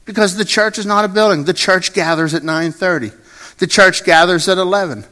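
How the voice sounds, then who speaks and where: A pastor preaches an earnest sermon in a church sanctuary, repeating his phrases and asking the congregation to say lines along with him. His voice is high-pitched, brisk, bright and forceful, with long hall reverb and faint music in the recording.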